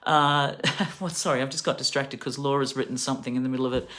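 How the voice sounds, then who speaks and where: A woman's voice: a bass voice, fairly even intonation, fast, fairly bright tone. A middle-aged woman with an Australian accent, ranting angrily and profanely about politics to her viewers, sounding tired. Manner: angry, profane, rambling. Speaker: livestreamer. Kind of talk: political rant to camera.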